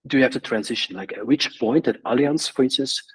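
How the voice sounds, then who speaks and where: A man's voice: mid-range voice, brisk, breathy edge. A man hosting a podcast interview, setting up a question for his guest. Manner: asks questions and gives short backchannel replies. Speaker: podcast host. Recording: off-mic, distant sound.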